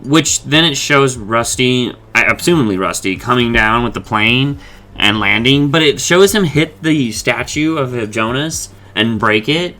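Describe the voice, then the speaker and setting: Bright-voiced man recapping a cartoon episode. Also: mid-range voice, lively intonation, unhurried. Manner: rambling, swears freely, paraphrases characters' lines. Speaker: podcast host. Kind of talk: casual episode recap and discussion.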